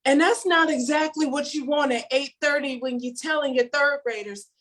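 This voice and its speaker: A woman doing a stand-up comedy set remotely, telling stories with animated delivery and laughing at her own jokes. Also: sits high, moderate pace. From Chicago, USA.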